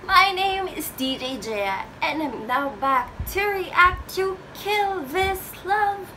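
A woman DJ reacting to a music video in a casual vlog, gushing with excited exclamations. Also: high-pitched, slow, a little hiss or hum, poor audio. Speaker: DJ and reaction vlogger. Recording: music video playing loudly behind the voice. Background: music video playing.

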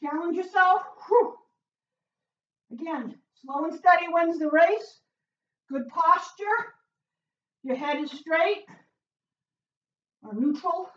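A woman's voice: very high-pitched, takes it slowly, long pauses. A woman coaching a home workout, upbeat and encouraging with frequent whoops, often out of breath. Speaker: fitness instructor. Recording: echoey room, far from mic, dull sound.

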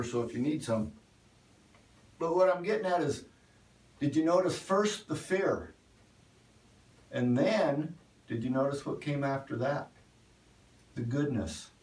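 Folksy cowboy preacher, echoey room. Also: male voice, on the high side, far from the mic. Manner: folksy, conversational, cowboy turns of phrase. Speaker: pastor. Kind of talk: folksy online sermon.

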